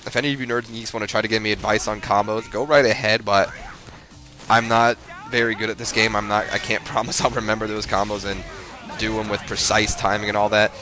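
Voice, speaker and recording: A man's voice: lowish voice, level tone, fast talker, music in the background. A man giving rambling, self-deprecating gameplay commentary, full of fillers and restarts. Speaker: gamer.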